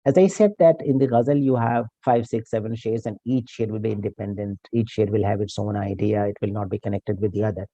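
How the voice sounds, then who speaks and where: A man giving an academic lecture, reciting Urdu verse and explaining it slowly with pauses and fillers. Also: on the low side, steady tone, dark tone, dry recording. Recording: dull lo-fi recording.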